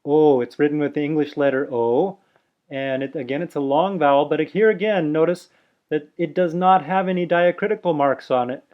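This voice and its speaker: A man teaching pronunciation, patiently explaining and slowly sounding out vowels over and over. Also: fairly high pitch, phone-quality sound. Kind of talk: instructional explanation.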